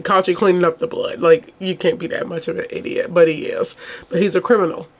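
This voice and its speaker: A woman's voice: fairly low pitch, steady tone, a little fast, darkish tone. A woman hosting a true crime channel who reads a case report and then reacts in casual, indignant chat full of rhetorical questions. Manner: casual, chatty, addresses viewers as y'all.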